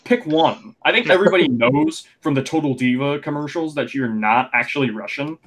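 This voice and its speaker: A young man co-hosting a casual wrestling podcast, rambling and animated, full of fillers. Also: a little high, fairly quick. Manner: chatty, rambling, animated opinions with lots of fillers. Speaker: podcast co-host.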